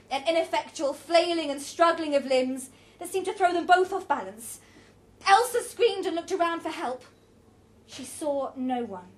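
A woman reading a story aloud with a dramatic, varied delivery. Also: high voice.

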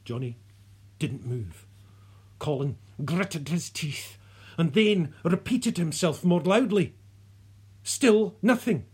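A narrator reading a story aloud in a soft, unhurried way, sometimes dropping to a whisper. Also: medium pitch, lively intonation, breathy edge. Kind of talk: audiobook narration.

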